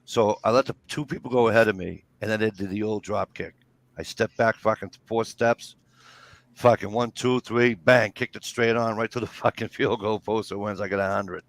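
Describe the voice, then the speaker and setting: A man's voice: lowish voice, steady tone, normal speed, no room sound. A man, telling rambling, swear-filled stories in casual chat. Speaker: storyteller.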